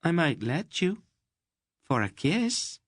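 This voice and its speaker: Storybook casting: a bold, teasing young girl, lifted high, voiced by a male narrator, close and dry. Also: sing-song, slow, no room sound, full character voice. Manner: playful, coy.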